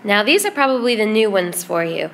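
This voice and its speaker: A woman teaching a Spanish grammar lesson in English, explaining patiently and repeating word lists slowly. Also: mid-range voice, sing-song, gravelly, a bit bright.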